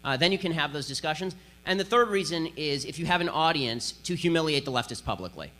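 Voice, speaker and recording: A man's voice: on the high side, expressive, fast, pushed and bright. A man giving a combative political speech to an audience, sarcastic and emphatic. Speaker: conservative speaker.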